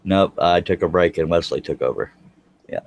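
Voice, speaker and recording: Guy with a real low voice, rambles and restarts a lot, easygoing stream chat. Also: moderate pace. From Texas. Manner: rambling, self-correcting, chatty. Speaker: guest woodworker. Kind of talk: casual live-stream chat. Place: home, smoking while talking.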